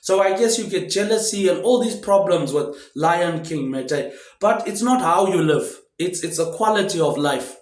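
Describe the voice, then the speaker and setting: A man's voice: sits high, lively intonation, moderate pace. A man in a rambling, casual monologue, drifting between loosely connected thoughts and ending nearly every phrase with "mate, eh". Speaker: vlogger. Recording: roomy echo.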